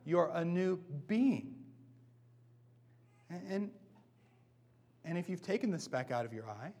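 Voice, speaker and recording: A man preaching a sermon as a pastor, earnest and conversational, often dropping to soft asides before closing in prayer. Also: a little high, sing-song, takes it slowly.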